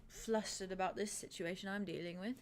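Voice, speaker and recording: A shrewd grandmother with a sharp mind for politics, played by a woman in a tabletop game. She talks in a dry, measured, slightly formal way, at a middle pitch that neither rises nor sinks far. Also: fairly even intonation, lightly acted. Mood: wary. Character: shrewd, wary grandmother, a clever female politician. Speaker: player voicing a grandmother character. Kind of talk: in-character tabletop role-play.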